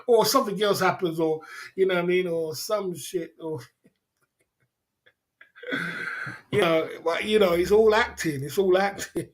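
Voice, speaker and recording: Laughing, rambling livestream host. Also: male voice, high voice, moderate pace, long pauses. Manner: rambling, laughs often, slangy. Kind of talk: casual livestream chat.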